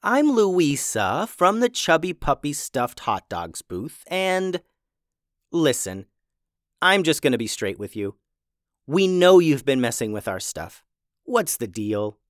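A woman's voice: deep voice, very animated, slow pace, no echo, studio quality, exaggerated voice. Man voicing a determined young woman chef. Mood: confronting. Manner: earnest, then fed up and bossy.

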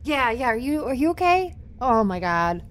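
A woman's voice: on the high side, big pitch swings, moderate pace. A woman playing a tabletop role-playing game, coaxing and sweet in tone. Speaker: player.

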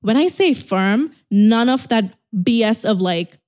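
A woman's voice: fairly high pitch, expressive, measured pace, hardly any pauses, a little mellow. Blunt, swearing young woman podcaster. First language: not English. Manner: blunt, swears, acts out dialogues. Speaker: podcast host. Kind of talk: casual solo podcast advice talk.

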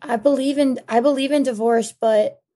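A woman's voice: high-pitched, steady tone, moderate pace, dark tone. A woman guest playing a brash, flirty date in an improvised comedy scene. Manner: brash, flirty, blurts lines out.

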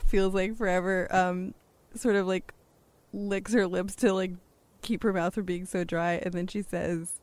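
A woman's voice: on the low side, level tone, unhurried, darkish tone, no echo. A woman narrating her character's actions in a tabletop game, casual and a little hesitant. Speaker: player.

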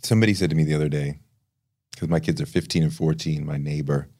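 A man's voice: rumbling low, fairly even intonation, fast talker, dark tone. A middle-aged man from the United States who hosts the interview, asking probing questions in a conversational way. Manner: probing and conversational, with frequent restarts. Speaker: podcast host. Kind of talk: casual interview chat.

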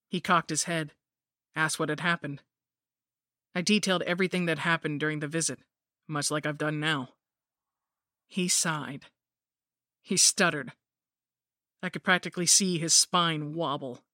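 A woman reads a horror story in the first person, with a measured, grim pace. Her voice is bright and sits close to the mic in a dry room. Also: low voice, no room sound. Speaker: narrator. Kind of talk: scripted horror narration.

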